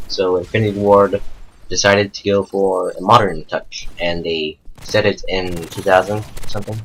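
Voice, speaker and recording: A man with a low voice talks casually about video games. He rambles and restarts his sentences, leaning on fillers. There is a faint noise under the recording. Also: fairly bright tone, rough recording. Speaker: co-commentator. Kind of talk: casual gaming chat.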